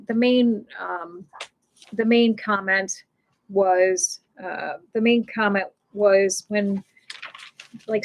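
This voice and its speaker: A woman's voice: mid-range voice, muffled recording. Middle-aged woman chatting on a livestream at home, rambly, keeps restarting, laughs a lot. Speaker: pet loss support livestream host. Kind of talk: casual livestream chat.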